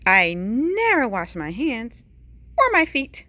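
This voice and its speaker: Slow, expressive woman reading a picture book. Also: slight background noise. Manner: dramatic storytelling with sudden hushed whispers and big pitch swings. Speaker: teacher reading aloud. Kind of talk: bedtime picture-book read-aloud.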